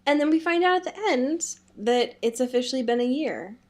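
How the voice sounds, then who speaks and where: Chatting about a book on a podcast she co-hosts, a woman with a high voice speaks at a moderate pace. Her retelling is giggly and animated, full of "like".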